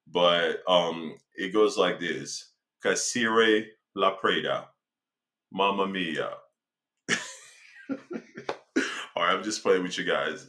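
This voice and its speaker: A man with a low, deep voice talks to his viewers in a relaxed, slangy way. He gives motivational life advice and stretches out words to stress them. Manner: slangy, conversational, slows for emphasis. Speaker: self-help speaker. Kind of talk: casual motivational talk.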